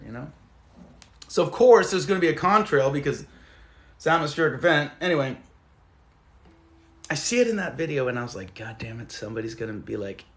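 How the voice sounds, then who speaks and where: A man's voice: mid-range voice, gravelly. A young man hosting a casual live stream from home, rambling loosely and swearing as he reads the chat aloud. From Southern California. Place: at home among plants. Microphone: phone.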